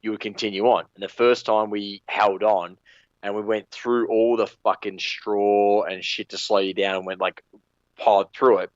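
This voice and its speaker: A man's voice: on the low side, flat delivery, moderate pace, no room sound. A man on a podcast telling a rambling, swear-filled story in a casual chat, on a dull lo-fi recording. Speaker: podcast co-host.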